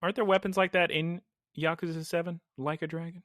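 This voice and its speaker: Excitable podcast guy rambling about an episode, bright tense voice, dry close sound. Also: fairly high pitch, quick pace, no echo. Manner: animated, rambling, laughs often. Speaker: podcast co-host. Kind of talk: casual episode recap chat.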